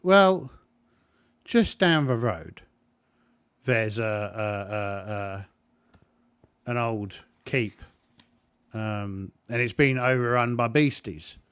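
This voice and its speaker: Man playing a sly, wheedling gate guard; light raise in pitch, close dry sound. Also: animated, slow pace, a bit bright, clean tone, no room sound. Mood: scheming. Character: gruff male town gate guard, sly.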